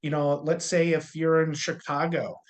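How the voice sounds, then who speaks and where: A man's voice: a little high, flat delivery, moderate pace. A man training insurance salespeople in a casual, conversational way, with a jokey touch of corny humor.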